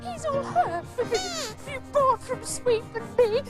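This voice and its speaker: A woman voicing a gentle, teasing young female panda puppet with a British accent, coaxing and pleading in a children's puppet show. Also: very high-pitched, expressive, a little slow, over music.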